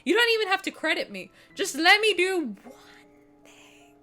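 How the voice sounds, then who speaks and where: A young adult woman streaming, chatting casually and reading game text aloud in an animated, joking way, giggling and swearing. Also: very high voice, a little fast. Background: faint game music.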